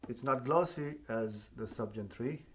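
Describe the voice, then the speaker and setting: Guy unboxing tech at home, slow and easygoing, faint hiss behind him, keeps restarting bits. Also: medium pitch, a bit bright. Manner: unhurried, plainspoken, often restarting phrases. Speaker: tech reviewer. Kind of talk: casual product unboxing. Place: apartment at home.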